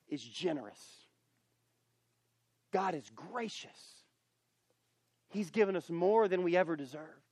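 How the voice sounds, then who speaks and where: A man with a high voice delivers a camp sermon, earnest and building to emphatic points. He often repeats and restarts his phrases as he works toward them. The sound is dry and close, with no room echo. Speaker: camp speaker.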